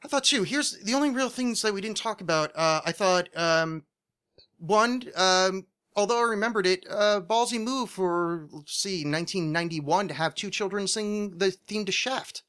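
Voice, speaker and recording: Podcast co-host: nasal American man, bright tone, slightly high, rambling chat. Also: moderate pace, clear, resonant tone. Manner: rambling, many fillers and restarts. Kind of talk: casual chat.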